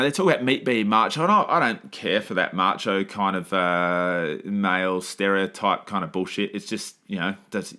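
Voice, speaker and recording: A man's voice: sits low, pushed and bright. A man hosting a podcast, talking casually and rambling with many fillers and restarts. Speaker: podcast host.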